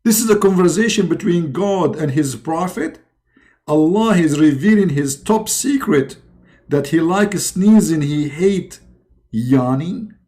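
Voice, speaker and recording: Sardonic man with a lively, halting delivery. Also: fairly high pitch. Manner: halting, sardonic, many fillers. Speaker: religious commentator. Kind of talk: polemical commentary with sketches.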